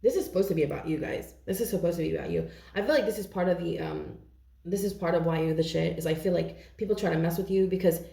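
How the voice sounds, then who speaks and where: A woman reads tarot in a loose, chatty way, her voice low-toned and mellow with a gravelly edge. She keeps checking in with her listeners as she talks. The sound has a roomy echo around it. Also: quick pace. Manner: chatty, intuitive, frequent "okay?" check-ins. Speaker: tarot reader. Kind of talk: casual tarot reading to camera.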